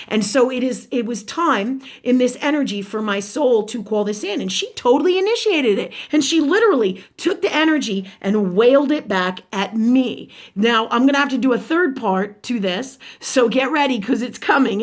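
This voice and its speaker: A woman hosting her own spiritual livestream, retelling a personal confrontation in a casual, profane, animated monologue. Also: a little high.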